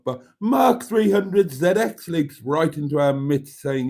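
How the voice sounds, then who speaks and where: A Welsh-born man with a Birmingham accent hosting a casual livestream, chatty and jokey, reading out viewer comments and often clearing his throat. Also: a little high, lively intonation, takes it slowly, dark tone. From Wales. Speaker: livestream host.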